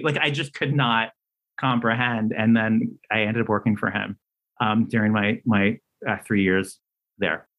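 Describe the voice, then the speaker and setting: Speaking in an unhurried way over poor audio, this man, who writes plays and screenplays, swaps stories as an interview guest. He talks freely and at length, with plenty of fillers and false starts, and he performs quoted lines with dramatic leaps in pitch.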